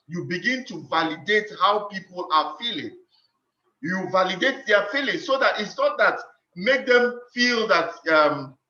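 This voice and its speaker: A man's voice: high voice, bright, forceful tone. A man giving a motivational teaching talk on leadership, earnest and instructive, often repeating phrases for emphasis. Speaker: leadership speaker. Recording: roomy, dull lo-fi sound.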